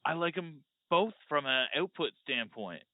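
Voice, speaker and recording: Slow-talking joking man on a tinny line. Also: on the high side, animated, dry recording. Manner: jokey, attempts clumsy impressions. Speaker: podcast guest debater. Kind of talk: casual chat.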